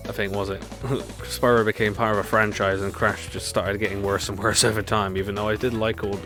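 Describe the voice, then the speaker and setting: A man streams a racing game live and talks through it in a loose, rambling way, breaking into laughter now and then. His voice sits a bit low. Loud game music plays under his commentary. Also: level tone, fairly quick. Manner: chatty, rambling, laughs often.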